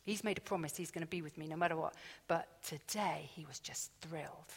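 Woman, preacher, chatty conversational sermon, confiding, slightly low voice, long hall echo. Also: a little fast, creaky, slightly rough. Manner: chatty, confiding, acts out inner dialogue. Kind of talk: conversational sermon with personal stories. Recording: echoey hall.

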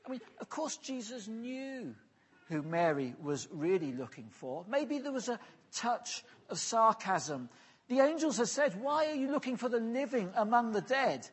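Husky-voiced man preaching. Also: extremely high pitch, very animated, normal speed. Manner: earnest, pastoral, drops softly at phrase ends. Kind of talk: sermon.

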